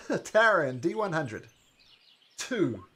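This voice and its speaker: A man runs a tabletop game, his bright voice rising and falling in a lively way. He talks casually and halts often with fillers. Faint noise hums behind him. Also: fairly high pitch, extremely slow. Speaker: game master.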